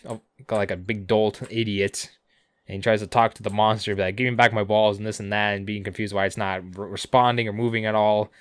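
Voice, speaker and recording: A man co-hosting a podcast, recapping episodes casually with sarcasm, swearing and quick character impressions. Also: lowish voice, smooth, dry recording. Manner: sarcastic, swears a lot, acts out characters' lines. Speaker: podcast co-host.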